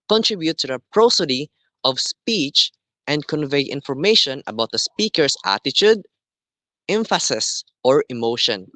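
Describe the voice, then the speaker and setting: A man teaching a class, explaining slowly and deliberately and often checking in with "okay". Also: mid-range voice, sharp tone, no room sound. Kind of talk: classroom lesson.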